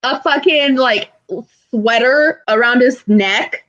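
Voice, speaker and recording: A young woman co-hosting a podcast, telling stories in an animated way with loud outbursts and lots of swearing. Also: high-pitched, slow, lo-fi sound. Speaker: podcast co-host. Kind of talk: casual chat.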